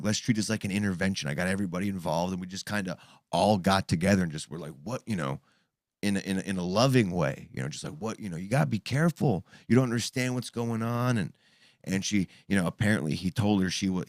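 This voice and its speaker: A man's voice: low voice, fast talker, no echo, clean studio sound. A man in his thirties telling a story in casual chat, swearing freely and acting out what people said. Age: 30s. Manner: animated, profane, acts out quoted voices.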